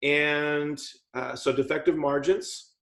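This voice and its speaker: A man coaching a dental team on talking with patients, lively and joking, acting out what a patient would hear. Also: on the high side, takes it slowly. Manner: lively, jokey, acts out patient talk. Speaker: practice coach. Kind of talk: team training talk. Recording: echoey room.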